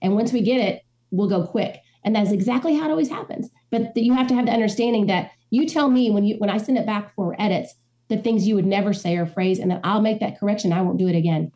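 A woman's voice: medium pitch, fast. A middle-aged woman from the Midwest, a ghostwriter telling stories in an interview and acting out the lines of the people in them. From American Midwest. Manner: animated storyteller, acts out quoted dialogue. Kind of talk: conversational interview.

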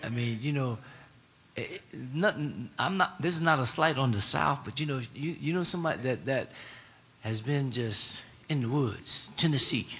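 A man's voice: mid-range voice, animated, moderate pace, bright, forceful tone, a little hiss or hum. A man preaching a sermon in a casual, colloquial way, repeating his words and prompting the congregation to answer back. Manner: repetitive, call-and-response prompts to the congregation.

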